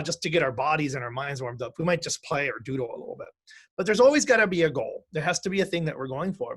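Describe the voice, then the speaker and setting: A man's voice: on the high side, slightly rough. A man teaching music and mindfulness in a conversational online class, often asking "right?" to check in with students.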